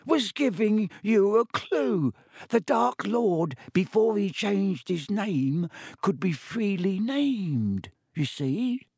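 A man voicing a small, excitable, devoted male house-elf with a shrill manner, in an audiobook reading. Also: slow, vocal fry, husky, no room sound, clean studio sound, exaggerated voice. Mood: earnest. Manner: shrill and fierce. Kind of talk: audiobook character voice.

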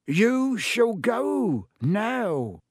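A man voicing a small, excitable, devoted male house-elf with a shrill manner, in an audiobook reading. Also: extremely slow, husky, no room sound, studio quality, heavily acted. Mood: fierce. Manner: shrill and fierce. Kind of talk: audiobook character voice.

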